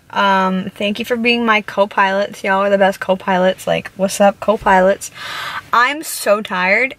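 A sleep-deprived young woman vlogging casually to the camera from her car, rambling in a tired, drawn-out way. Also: mid-range voice, a bit bright. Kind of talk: casual vlog chat to camera. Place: inside a car.

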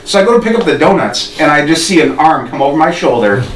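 A man's voice: a little high, animated, fast. A man co-hosting a podcast, telling a rambling story with restarts and laughter. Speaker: podcast co-host. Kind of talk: casual storytelling. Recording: roomy, distant mic with faint noise.

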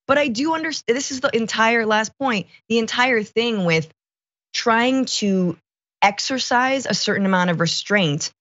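A woman co-hosting a political commentary show, talking in an animated, sarcastic way with quick asides. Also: on the high side, no echo, muffled recording.

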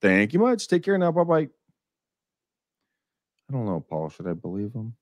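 A man's voice: medium pitch, moderate pace, dry recording, clean studio sound. A man hosting a live real estate show, chatting crudely and joking while he makes cold calls. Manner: crude, joking, swings loud when excited. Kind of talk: casual live-stream banter while cold calling.

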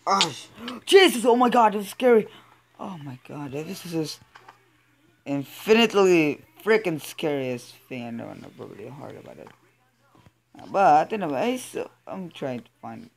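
An excitable gamer narrates a let's play in a loose, casual way, often tripping over repeated words. The voice leaps all over its range with every sudden outburst, yet the talk overall moves at an unhurried pace. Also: medium pitch, gravelly. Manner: excitable, blurts out exclamations and stammers repeats. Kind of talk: casual gaming commentary.

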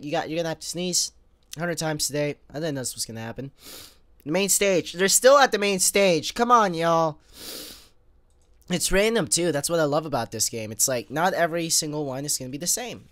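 An excitable young man doing let's play commentary, his bright, lively voice swinging up and down as he talks to viewers and grumbles at the game. He keeps breaking into sneezes and coughs, and the sound is close and dry. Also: on the high side, dry recording. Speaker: gamer.

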